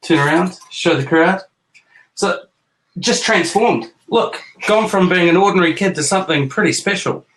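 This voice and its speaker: Jokey middle-aged New Zealand dad. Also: male voice, high-pitched, normal speed, fairly bright tone, poor audio. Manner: jokey, self-mocking, rambling. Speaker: host. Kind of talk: casual chat with his kids.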